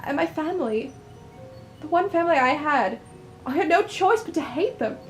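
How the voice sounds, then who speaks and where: A woman's voice: sits high, lively intonation, a little fast, soft background music. A woman voicing an earnest young man, the hurt adopted son, in a pleading, wounded way.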